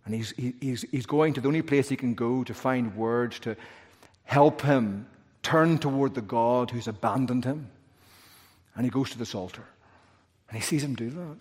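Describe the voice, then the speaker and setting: A man's voice: medium pitch, moderate pace, darkish tone, slightly rough. A male pastor preaching a sermon with emphatic, rhythmic repetition. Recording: long hall reverb.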